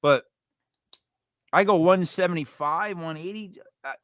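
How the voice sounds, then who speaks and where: Blunt, rambling man with a bright voice. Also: fairly high pitch, unhurried, no room sound. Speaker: podcast co-host. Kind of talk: casual true-crime chat.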